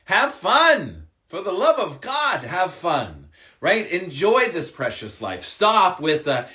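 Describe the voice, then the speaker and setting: Upbeat man giving a bright pep talk. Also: on the high side, sing-song, slow pace. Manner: upbeat, emphatic, swears casually. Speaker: spiritual coach. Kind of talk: live-stream card reading and pep talk.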